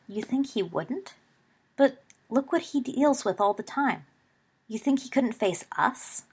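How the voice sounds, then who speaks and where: A woman reading aloud and voicing a blunt, loyal teenage boy wizard, with a quick, challenging delivery. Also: a little high, expressive, breathy edge, pitched above the performer's own voice, heavily acted. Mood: incredulous. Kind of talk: audiobook reading.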